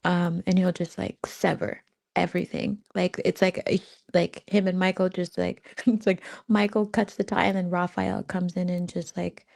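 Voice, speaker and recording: Woman, gravelly voice, warm dark tone, rambling, giggly, casual spiritual storytelling. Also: fairly low pitch, little pitch movement, moderate pace. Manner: rambling, giggly, lots of fillers. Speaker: spiritual channel host.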